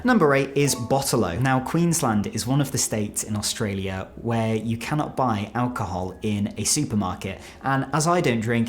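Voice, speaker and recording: Chatty British man explaining slang. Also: medium pitch. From United Kingdom. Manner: chatty and animated, quick asides. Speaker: video creator explaining slang. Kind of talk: casual explainer to camera.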